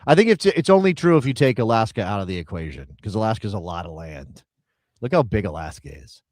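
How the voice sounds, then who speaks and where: A man's voice: on the low side, very animated, fast talker, darkish tone, no room sound, clean studio sound. A man co-hosting a casual soccer live stream, chatty and rambling as he reads out viewer names. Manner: rambling, chatty, thinks aloud while reading chat names. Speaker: soccer show co-host.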